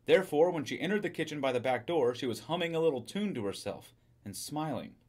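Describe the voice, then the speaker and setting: A man's voice: on the high side, lively intonation, quick pace, darkish tone. Man reading a short story aloud. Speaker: reader.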